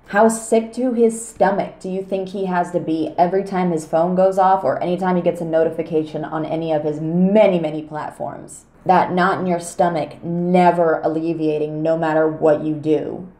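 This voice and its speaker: Woman commentator, measured and firm, dark warm tone, roomy echo. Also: low-pitched, steady tone. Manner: measured, firm, pointed, with swearing. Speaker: commentary YouTuber. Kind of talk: scripted commentary monologue.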